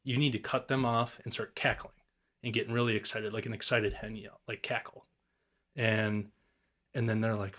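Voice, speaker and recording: A young podcast guest tells laid-back, rambling turkey hunting stories at normal speed, his lowish voice flat yet fairly bright in tone. He swears and imitates the calls as he goes.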